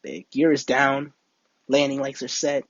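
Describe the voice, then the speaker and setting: A man's voice: mid-range voice, level tone, unhurried, no room sound, lo-fi sound. A young man streaming a flight game, telling a rambling made-up story and chatting with viewers, full of fillers and restarts. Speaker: livestream gamer. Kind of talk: casual live-stream chat and storytelling.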